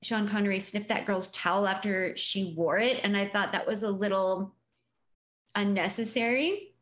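A woman's voice: medium pitch, normal speed, a bit bright. A woman co-hosting a film podcast, chatting casually with friends. She laughs easily and reads out a ranked list in a mid-range voice. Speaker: podcast co-host. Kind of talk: casual chat.

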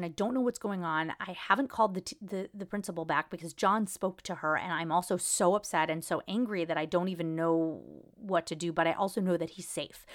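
A woman's voice: fairly low pitch, no room sound, studio quality. A woman podcast host telling a personal story in an emotional, rambling way, full of restarts and quoted conversations. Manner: emotional, rambling, retelling events.

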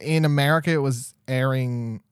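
A man's voice: mid-range voice, steady tone, normal speed, clear, resonant tone, no echo, studio quality. A man hosting a podcast in casual, chatty talk, often laughing. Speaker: podcast host.

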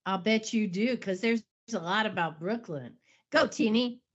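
A woman's voice: medium pitch, normal speed, fairly bright tone, breathy edge, highs cut off. A woman in a casual chat, agreeable and giving short replies.

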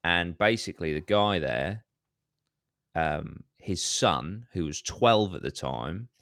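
A man's voice: low voice, expressive, slow, a bit bright, dry recording, studio quality. A man, hosting a podcast and telling a story in casual chat, swearing heavily and ranting with animation. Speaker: podcast host.

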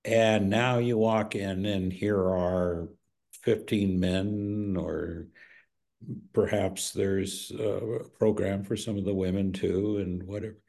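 A man hosting a podcast, asking his guest questions in a measured, deliberate way. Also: low-pitched, fairly even intonation, gravelly, a little mellow. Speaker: podcast host. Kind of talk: interview questions.

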